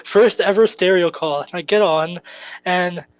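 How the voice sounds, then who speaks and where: High-voiced young man telling stories. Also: fairly even intonation, a little slow, clear, resonant tone, highs cut off. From Canada. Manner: rambling, swears often, laughs through stories. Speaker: podcast co-host. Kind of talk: casual chat, storytelling.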